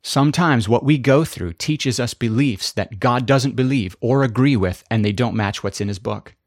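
A man's voice: mid-range voice, moderate pace, dry recording, clean studio sound. A man preaching a sermon with impassioned, emphatic repetition. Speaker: pastor.

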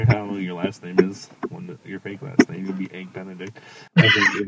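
A man's voice: deep voice, steady tone, brisk. A man co-hosting a casual comedy podcast who teases his partner in a dry, blunt way. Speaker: podcast co-host. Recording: dull lo-fi sound with faint noise.

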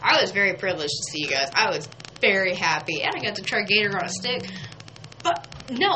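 A woman's voice: mid-range voice, expressive, fast talker, background noise. A woman, hosting a local radio show in casual, chatty talk, laughing often and saying "y'all.". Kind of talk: casual on-air chat. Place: radio studio.

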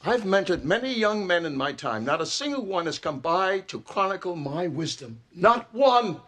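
A man's voice: high-pitched, very animated, normal speed, a bit bright, heavily acted. An older man playing a pompous, self-important father who speaks in grandiose phrases. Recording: noisy TV sitcom audio.

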